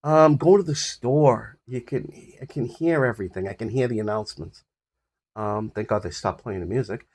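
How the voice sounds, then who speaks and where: An older man with a husky voice casually rambling about his health on a phone recording, full of fillers and restarts. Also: mid-range voice, moderate pace, a little mellow. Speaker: vlogger sharing his health journey. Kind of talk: casual personal update to camera.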